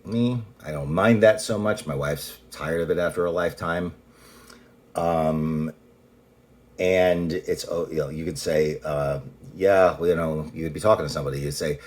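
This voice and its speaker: A man's voice: rumbling low, moderate pace, a little mellow. A man talking in a casual personal monologue, rambling and blunt, often restarting sentences and swearing. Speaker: vlogger.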